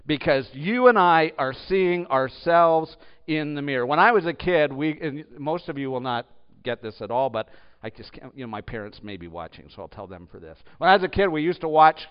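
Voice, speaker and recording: A man preaching a sermon as pastor, swinging between loud emphatic bursts and hushed low asides. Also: animated, normal speed, smooth. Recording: dull echoey hall.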